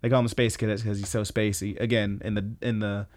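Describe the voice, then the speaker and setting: Male podcast co-host, casual and profane, an animated storyteller. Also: lowish voice, fairly quick. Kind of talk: casual chat recapping an anime.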